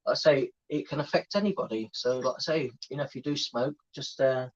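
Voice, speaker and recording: A man's voice: medium pitch, brisk. A man with a mid-range voice rambles casually as co-host of a home live stream, leaning on "like I say". The audio is dull and muffled. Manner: rambling, repeats "like I say".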